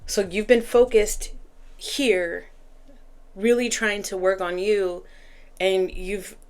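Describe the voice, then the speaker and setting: A woman's voice: mid-range voice, fairly even intonation, slow. A woman giving a casual tarot reading, talking to the cards and spirit as she shuffles. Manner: talks to cards and spirit while shuffling, chatty. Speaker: tarot reader.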